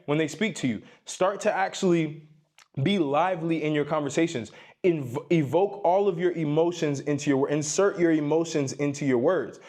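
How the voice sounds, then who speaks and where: Man, young adult, dating advice vlog, talks to camera, emphatic, lecturing, lively shifts in tone, fairly high voice. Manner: emphatic, lectures the viewer with repeated "you need to"; varies tone on purpose to stress points. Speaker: dating and self-improvement advice creator. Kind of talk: direct-to-camera advice monologue. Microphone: facing camera.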